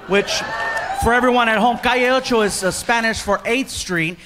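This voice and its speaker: High-voiced stand-up comedian, crowd roaring. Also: male voice, normal speed. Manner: animated, acts out characters with loud outbursts. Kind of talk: stand-up storytelling. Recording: live club set with a laughing crowd and room noise. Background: audience laughter.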